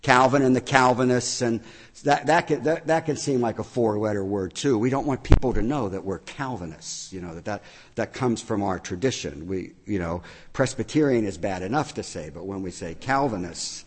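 A man's voice: on the low side, moderate pace, husky, long reverb tail. A man preaching a sermon from the pulpit, teacherly, repeating phrases to stress a point. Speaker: pastor. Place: church sanctuary.

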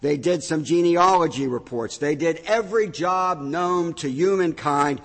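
A middle-aged man preaching in a church, his voice sitting a touch high for a man. He tells stories with lively, acted-out energy. The sound carries a long reverb from a large hall. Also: unhurried. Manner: animated storytelling, acting out shouts. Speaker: pastor. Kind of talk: sermon. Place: church sanctuary.

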